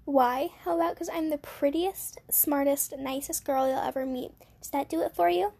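A woman's voice: sits high, fairly even intonation, moderate pace, creaky, dark tone. A woman voicing a bratty, vain little schoolgirl who whines and boasts while playing a game. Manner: whiny, self-important.

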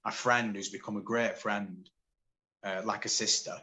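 A man in his forties from the UK, a podcast guest telling his story in candid, animated casual conversation. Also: lowish voice, normal speed, low-quality recording. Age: 40s.

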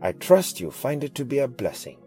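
A man's voice: mid-range voice, huge pitch swings, a little fast, mellow, soft background music. A man giving a polite, formal scripted introduction as the program's announcer.

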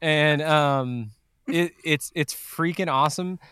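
A man's voice: a little high, takes it slowly, a bit bright, clean tone, no room sound. Man, co-host, casual music chat, joking, easygoing, dry close sound. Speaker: podcast co-host.

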